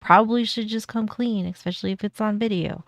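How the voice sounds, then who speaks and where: A woman's voice: mid-range voice, steady tone, fairly quick, background noise. A woman streamer giving casual, rambling reaction commentary, exasperated and stumbling over her words.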